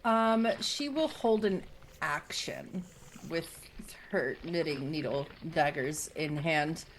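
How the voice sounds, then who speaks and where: Low-voiced slow-talking woman player. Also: slight background noise. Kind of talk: casual tabletop play.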